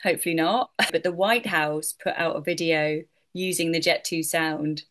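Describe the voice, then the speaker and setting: A woman's voice: deep voice, fairly even intonation, normal speed, background noise. A middle-aged woman, a voiceover artist, answering interview questions in a chatty way, with many fillers and frequent laughs. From United Kingdom.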